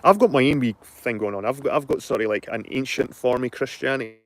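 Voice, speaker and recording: Talking quickly in a medium-pitched voice, this channel host is a middle-aged man with a Scottish accent. His casual chat with viewers wanders, circles back on itself, and is full of swearing.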